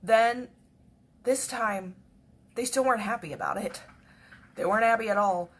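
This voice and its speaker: A woman telling a personal story in a chatty, repetitive way that often drops to a hush. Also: fairly high pitch, moderate pace, breathy edge. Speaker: devotional speaker.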